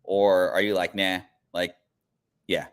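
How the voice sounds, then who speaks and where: With a lowish, fairly bright voice and lively intonation, a comic book show host rambles through casual chat at a normal speed. He uses lots of filler words and often restarts.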